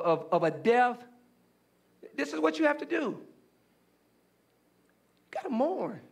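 High-voiced man preaching with urgent repetition. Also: fairly bright tone. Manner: repetitive emphatic preaching with stammered restarts. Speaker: pastor. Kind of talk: sermon.

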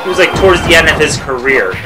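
A man whose voice swings high and wide as he yells at a wrestling game he keeps losing. His voice is hoarse from shouting, and loud game music plays under him. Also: sing-song, fast, a loud crowd, rough recording. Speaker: let's play gamer. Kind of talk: frustrated gameplay commentary.

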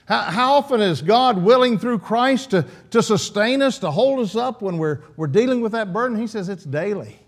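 A man's voice: very high voice, animated, normal speed, hardly any pauses. A man preaching an earnest, emphatic sermon in church, often restarting his phrases.

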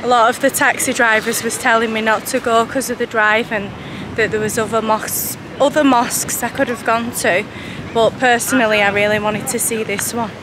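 A woman's voice: a little high, fairly even intonation, brisk. Chatty woman vlogging on a busy street. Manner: chatty, walking while filming. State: out of breath at times. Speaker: travel vlogger. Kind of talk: casual travel vlog narration. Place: outdoors at a busy city mosque and gardens. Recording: outdoor city noise behind voice.

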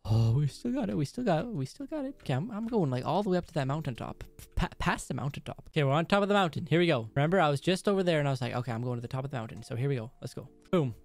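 A man doing gameplay commentary at home at night, speaking softly and excitedly pleading with the game as he plays. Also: fairly high pitch, racing, creaky. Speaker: let's play host.

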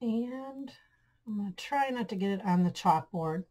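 A woman's voice: medium pitch, animated, normal speed, mellow, rough recording. A woman hosting a DIY craft tutorial, chatting to viewers as friends and gushing over her projects. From Michigan, USA. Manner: chatty, keeps addressing viewers as guys and friends. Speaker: craft channel host.

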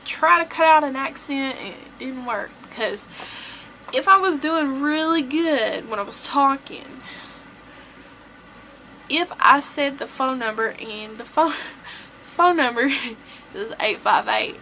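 A woman's voice: high voice, animated, takes it slowly, pushed and bright, slight background noise, low-quality recording. A young woman with a Tennessee accent, chatting casually to her vlog camera in a rambling way, breaking into laughs. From southern United States. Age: young adult. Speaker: vlogger.

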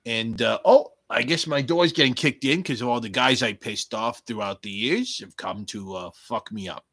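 A man's voice: mid-range voice, normal speed, fairly bright tone, husky. A man doing an impression of a rambling man who swears offhandedly about his wife and his enemies.

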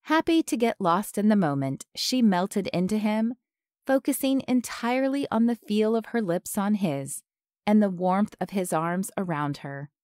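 An audiobook narrator, a woman, reads a script slowly and in a measured way, though her delivery is animated. Her medium-pitched voice has a darkish tone, and the recording is dry with clean studio sound.

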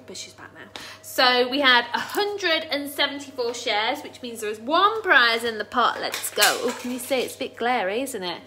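A woman hosting a chatty live cooking stream from her home kitchen, bubbly and excitable. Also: on the high side, a little hiss or hum. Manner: bubbly, excitable, quick to laugh and tear up. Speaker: cooking livestream host.

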